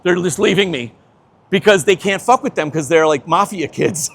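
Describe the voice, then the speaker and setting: A man in his fifties, a veteran skateboarder telling an animated story, laughing often and swearing casually. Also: high-pitched, normal speed, vocal fry.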